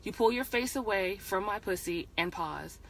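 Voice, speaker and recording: A woman's voice: medium pitch, animated, moderate pace, a bit bright. A woman reading aloud from an erotic story she wrote, in a hesitant way with frequent stumbles and restarts. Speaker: author reading her book.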